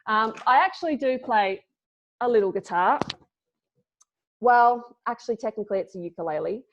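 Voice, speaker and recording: A woman's voice: a little high, expressive, moderate pace, slight background noise. A woman from Scotland giving a playful, casual online talk as a clown presenter, full of dad jokes. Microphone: video call. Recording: lo-fi video call audio.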